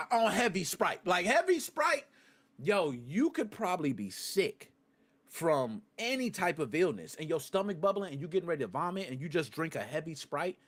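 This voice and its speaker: A man hosting a live gaming podcast, talking casually to his chat with excitable bursts and rants and plenty of swearing. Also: fairly high pitch, measured pace. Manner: talks to live chat viewers. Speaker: podcast host.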